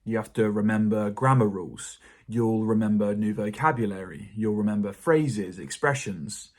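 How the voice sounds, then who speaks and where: A man with a British RP accent teaching a pronunciation lesson in a calm, encouraging way. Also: on the low side, normal speed. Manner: calm, encouraging explanation to learners. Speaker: English teacher.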